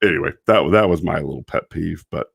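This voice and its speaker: A man's voice: sits low, a little fast, gravelly, husky, no echo, studio quality. A man casually reviewing a TV episode on a live stream, rambling, often breaking into laughter and apologizing. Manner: quotes characters in mock voices.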